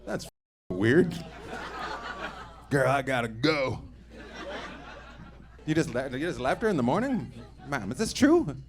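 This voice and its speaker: A man doing stand-up comedy, teasing the crowd loudly with crude banter from a club stage. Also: mid-range voice, sing-song, a little slow, long pauses. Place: comedy club stage before a live audience. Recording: live club recording with noise.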